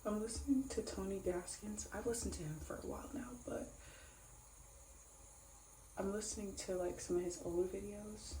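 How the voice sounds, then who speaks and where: A woman's voice: mid-range voice, normal speed, pauses often, dark tone, a little hiss or hum. A woman chatting casually to camera in a vlog, rambling and repeating herself. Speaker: vlogger. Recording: roomy echo with faint ambience.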